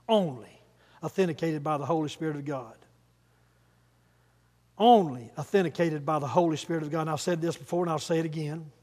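A man's voice: on the high side, darkish tone, in a large hall. A man preaching a sermon, emphatic and leading the congregation to repeat phrases after him.

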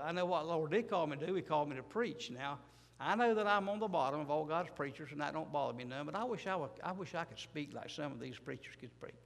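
Folksy gravelly preacher in a church hall. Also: male voice, on the high side. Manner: rambling, folksy, self-deprecating, repeats himself. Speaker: pastor. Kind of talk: sermon.

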